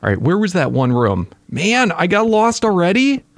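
A man narrating his own game play as he goes, an excitable gamer who exclaims at the creatures he finds. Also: sits high, normal speed, no echo. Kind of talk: casual gaming commentary.

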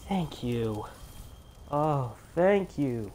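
A man's voice: medium pitch, lively intonation, drawn-out words. A man doing live commentary over a video game, chatty, swearing a lot and breaking into frustrated outbursts. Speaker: let's play gamer. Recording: gameplay audio with loud game noise.

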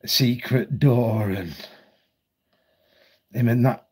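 A man's voice: medium pitch, takes it slowly, darkish tone, husky. A man ranting at home on his channel, blunt, heated and full of swearing. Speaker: vlogger. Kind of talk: ranting commentary.

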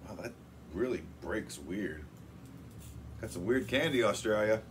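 Male host, casual jokey snack-review chatter, very animated pitch, faint background noise. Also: a little slow. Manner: lively, jokey, upbeat. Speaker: channel host.

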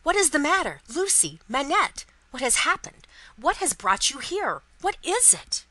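A woman's voice: mid-range voice, big pitch swings, moderate pace, bright, forceful tone, dry recording, poor audio. A woman voicing an anxious, commanding old male banker in a storybook reading, giving urgent commands. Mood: alarmed.

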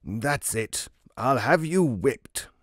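Gruff threatening judge, pitched well up and oddly colored, as a man puts him on, storybook. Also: slow, dark tone, no room sound, studio quality. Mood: stern. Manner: growling, threatening. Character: stern, gruff male judge.

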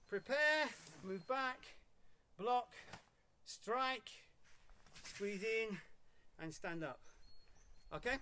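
A man teaching a live online karate class, calling counts and short commands between calm explanations. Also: high voice. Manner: barks counts loudly, coaching in short commands. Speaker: karate instructor.

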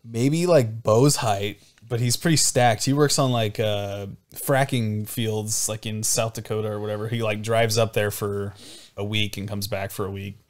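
A man's voice: on the low side, moderate pace. A young man, cohosting a podcast, telling a story in casual chat and acting out the people in it with lots of swearing. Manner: animated, swears, acts out quoted voices. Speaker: podcast co-host.

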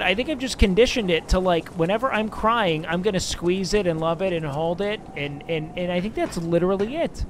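A young man chatting casually on a game stream, rambling and swearing, with sudden excited outbursts. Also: sits high, brisk, few pauses, background noise. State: sleepy. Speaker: livestreamer. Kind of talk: casual gaming stream chat.

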